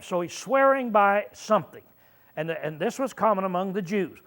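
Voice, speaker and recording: Man, preacher, high voice, sermon, Bible teaching, frequent throat-clearing, halting fillers. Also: animated, a bit bright. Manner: teaching verse by verse, asking the listeners questions.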